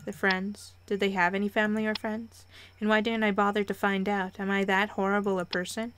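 A young woman reading a visual novel aloud and commenting as she plays, expressive and quick to react. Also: medium pitch, a little hiss or hum. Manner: expressive, reads narration and reacts with excited squeals. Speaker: let's play host.

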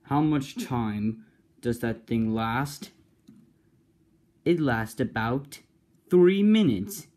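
A man voicing a boastful cloaked male villain who shouts taunts and threats. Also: mid-range voice, expressive, very slow, pauses often. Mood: taunting.

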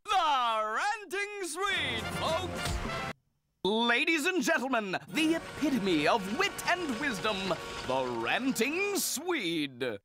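A man's voice: very high-pitched, big pitch swings, slow, music in the background, heavily acted. A man voicing a showman cartoon host who introduces the acts in an emcee manner. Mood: showy. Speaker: show host.

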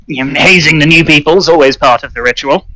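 A man's voice: a little high, quick pace, bright, forceful tone, low-quality recording. A British man voicing a formal, earnest male cadet with stiff, proper phrasing in a tabletop game.

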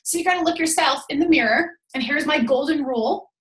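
High, bright-voiced energetic woman coach. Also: brisk, reverberant. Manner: energetic, emphatic, chatty with many "like"s. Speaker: team coach. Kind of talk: motivational team call talk. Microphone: call audio.

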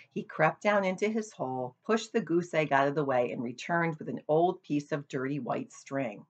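Low, husky woman reading a storybook. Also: moderate pace, hardly any pauses, highs cut off. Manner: expressive, shows pictures to listeners. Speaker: storybook reader. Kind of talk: reading a children's book aloud.

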